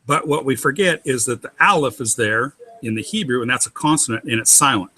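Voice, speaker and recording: A man's voice: mid-range voice, brisk, bright, forceful tone. A man methodically explaining Hebrew syllables as a guest teacher, patiently spelling out letters and sounds.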